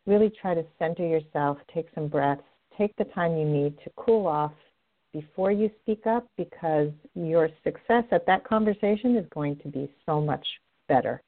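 Middle-aged woman host, chatty and upbeat, lowish voice, sounds like a phone line. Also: moderate pace. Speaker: radio show host and love coach. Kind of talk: podcast host monologue. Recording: tinny phone-line audio.

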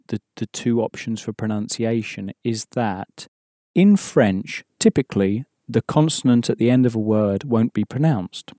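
Calm man teaching a language lesson. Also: medium pitch, no echo, studio quality. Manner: patient, explains step by step, prompts the learner.

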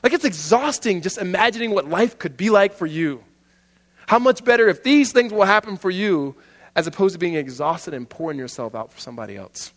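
A man in his thirties delivers a sermon, talking through family stories loosely and warmly, often restarting his sentences. His voice sits a little high for a man. The sound rings with the long reverb of a big hall. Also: a little fast. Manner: conversational, animated storytelling with frequent restarts. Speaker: pastor.

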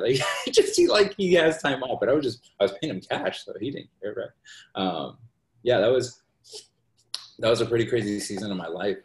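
A man's voice: low voice, darkish tone. A man talking as a podcast guest, telling rambling personal stories in a casual conversational way and tagging his sentences with "right?". His voice is recorded in a roomy space. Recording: roomy echo.

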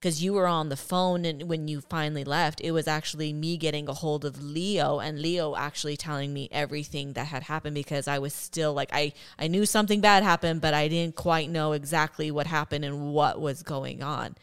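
Low, smooth-voiced woman. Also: fairly even intonation, normal speed, hardly any pauses. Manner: supportive, chiming in to finish her husband's sentences. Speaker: podcast co-host. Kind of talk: casual personal testimony.

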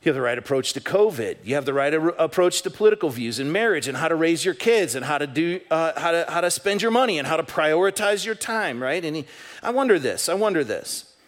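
Animated man preaching a sermon. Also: on the high side, brisk. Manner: animated, conversational, acts out quoted voices. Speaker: pastor. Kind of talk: sermon with storytelling. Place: church sanctuary.

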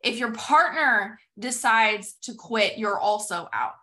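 A woman's voice: on the high side, slow pace, pushed and bright. A young adult woman hosting a motivational podcast, retelling a TV episode with acted-out quotes and drawing lessons for sales teams. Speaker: podcast host and sales coach.

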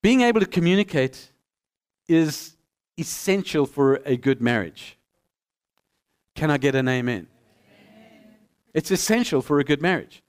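A middle-aged male pastor preaching a sermon with animated storytelling, acting out both sides of the dialogues. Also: fairly high pitch, measured pace, pauses often, clean tone. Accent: non-American.

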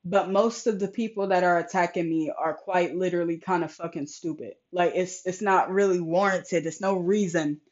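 A woman's voice: fairly low pitch, moderate pace, hardly any pauses. Exasperated young woman venting frankly. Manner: frank and exasperated, heavy swearing, animated retelling. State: sore throat. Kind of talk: casual venting vlog. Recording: slightly dull lo-fi recording.

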